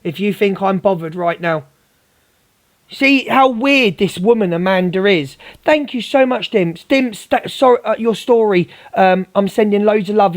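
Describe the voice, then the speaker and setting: A man hosting a livestream, ranting confrontationally at a viewer and repeatedly calling her darling. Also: sits high. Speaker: livestream host. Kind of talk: heated livestream rant.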